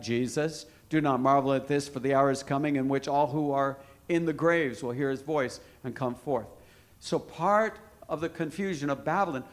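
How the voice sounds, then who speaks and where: A man preaching a sermon to a congregation, emphatic, asking questions and answering them himself. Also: fairly high pitch.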